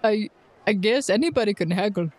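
A man's voice: sits high, animated, fairly quick. A man playing a tabletop roleplay game in character, goofy and joking, rambling through his lines with restarts. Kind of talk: in-character improv in an actual play game.

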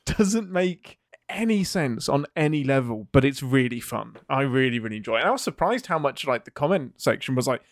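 A man hosting a podcast, talking chattily about what he enjoyed and making fun of himself with frequent laughter. His mid-pitched voice sounds dry and close, with no trace of a room. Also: expressive, a little fast, few pauses, no room sound. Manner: chatty, self-mocking, laughs often. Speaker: podcast host. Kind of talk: casual chat.

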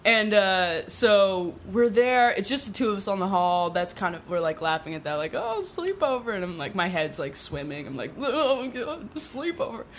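A woman's voice: fairly low pitch, normal speed, hardly any pauses, a little hiss or hum. Giggly woman telling a comic story. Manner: giggly, peppered with "like", lively asides. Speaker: guest storyteller.

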